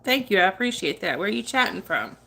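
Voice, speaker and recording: Woman streamer, casual and chatty, crisp bright tone, laughs a lot, talks warmly to chat. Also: medium pitch, very animated, fast talker. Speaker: livestream host. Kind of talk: casual livestream chat reading viewer comments.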